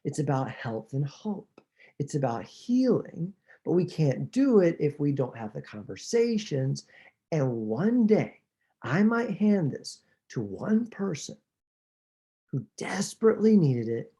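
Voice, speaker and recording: A man hosting a podcast, chatting in an enthusiastic, animated way. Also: a little high, measured pace. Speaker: podcast host. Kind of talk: conversational podcast chat.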